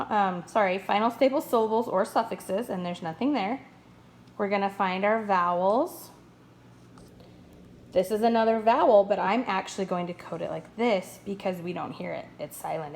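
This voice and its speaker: A woman's voice: medium pitch, creaky, darkish tone, slight background noise. Patient woman teaching first-grade phonics. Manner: slow, patient explaining, upbeat praise.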